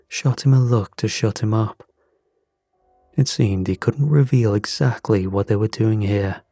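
Brief: male narrator, low and slow, dark husky tone, tense scripted storytelling. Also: dry recording, clean studio sound. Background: faint music.

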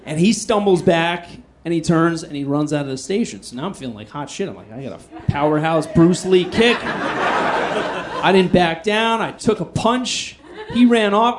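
Animated self-mocking male stand-up comic. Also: high voice, heavy background noise. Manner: self-deprecating, animated, swings between loud outbursts and hushed asides. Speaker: stand-up comedian. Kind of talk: stand-up storytelling.

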